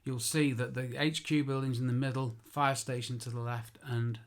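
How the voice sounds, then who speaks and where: A man's voice: medium pitch, flat delivery, moderate pace. A man who works as an architectural photographer, giving an informal spoken tutorial. He chats, makes self-deprecating asides and corrects himself aloud.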